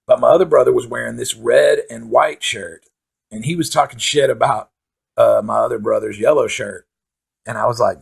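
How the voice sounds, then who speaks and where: A man's voice: mid-range voice, normal speed, creaky, slightly rough. A man hosting his own comedy show, telling rambling, profane stories in a casual stand-up style. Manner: profane rambling with filler words. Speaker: comedian host.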